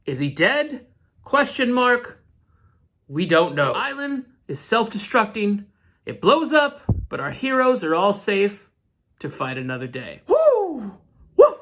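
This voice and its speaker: A man hosting a comic book channel, recapping an issue in casual, animated storytelling with side rants. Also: high-pitched, measured pace.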